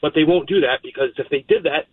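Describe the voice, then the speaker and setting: A man phones in to a talk show with a fairly high voice, pressing his point hard and repeating it. He comes through a narrow, tinny phone line. The sound is dry. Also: fast talker, slightly rough, dry recording. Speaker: radio caller. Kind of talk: phoned-in opinion.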